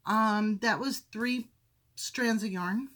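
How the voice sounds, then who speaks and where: A woman with a fairly high, slightly bright voice speaks slowly as she hosts a crafting podcast from her home craft room, which has windows. She chats casually, rambles and corrects herself while showing her projects, and she is briefly out of breath.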